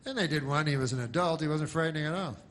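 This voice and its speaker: Deadpan rambling male comedian. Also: on the high side, fast talker, a little hiss or hum. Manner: deadpan, rambling with many restarts. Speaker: stand-up comedian. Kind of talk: stand-up comedy.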